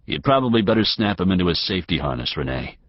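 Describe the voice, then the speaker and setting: A man's voice: sits low, very animated, fast talker, no echo, muffled recording, heavily acted. A male audiobook narrator voicing a husband with a bottled-up temper who speaks in terse, clipped, weary lines. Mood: commanding. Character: curt, bottled-up angry husband.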